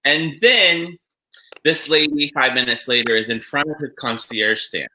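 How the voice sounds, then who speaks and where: A man hosting a casual chat podcast, telling stories in a rambling, animated way. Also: medium pitch, unhurried, background noise. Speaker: podcast host.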